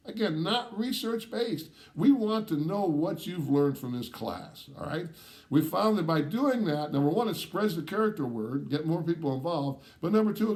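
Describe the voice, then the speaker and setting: A man teaching a course, explaining its requirements step by step and often checking in with "all right?", stressing key points. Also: fairly high pitch. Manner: emphatic, stresses key words. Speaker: course instructor.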